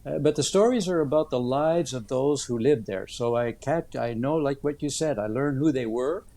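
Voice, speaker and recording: A man in his seventies, an author answering interview questions in an earnest, thoughtful way, with many "uh" pauses as he tells stories. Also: medium pitch, dark tone. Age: 70s.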